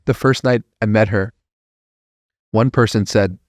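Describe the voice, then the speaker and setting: A man guesting on a podcast, telling a personal story in an earnest, heartfelt way that grows animated. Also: lowish voice, a little slow, no echo, studio quality.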